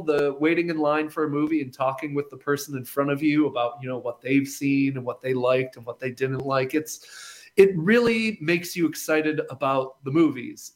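A young man chatting casually on air, enthusiastic and rambling, with frequent restarts. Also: on the high side. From Milwaukee. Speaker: film critic guest. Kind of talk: casual radio chat.

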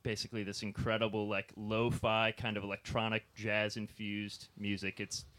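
A young keyboard player from Wisconsin, out of breath after playing, chatting casually in a radio studio interview. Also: male voice, fairly low pitch, flat delivery, moderate pace, a bit bright. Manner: friendly, loose, laughing between thoughts.

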